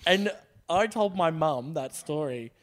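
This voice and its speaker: A man's voice: fairly high pitch, lively intonation, unhurried, a little hiss or hum. An Australian man, a comedian guest, telling rambling stories on a podcast with lots of laughter and swearing. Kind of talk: casual podcast storytelling.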